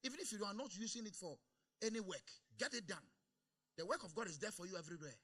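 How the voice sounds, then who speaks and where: A man preaching a sermon in a church service, calling for amens and swinging between quiet asides and loud exclamations. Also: sits high, expressive, fast talker, slightly rough. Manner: calls for amens from the congregation. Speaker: pastor.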